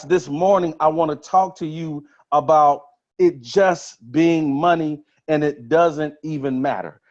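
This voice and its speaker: A man giving an energetic motivational talk on a webinar, repeating phrases for emphasis. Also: fairly high pitch. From Texas. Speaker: motivational speaker on a trading webinar. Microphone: webinar call mic. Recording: slightly dull lo-fi webinar audio.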